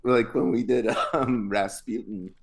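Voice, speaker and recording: A young man co-hosting a casual podcast, loud and hyped at the open, laughing and swearing as he chats. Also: mid-range voice, fairly even intonation, a little slow. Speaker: podcast co-host.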